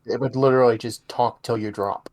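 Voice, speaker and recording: A man's voice: medium pitch, steady tone, a little fast, a little mellow. A young man with a slight Texan accent, co-hosting a casual podcast chat, rambling and cutting himself off mid-sentence. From Texas. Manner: rambling, self-interrupting storyteller. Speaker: podcast co-host.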